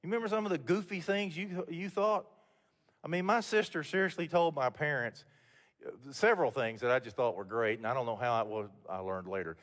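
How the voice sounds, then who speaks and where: An older man with a fairly high, fairly bright voice and brisk delivery is the guest speaker at a mentoring event, giving a motivational talk to mentors. He tells stories in a candid, folksy way with frequent restarts, and the event hall adds long reverb.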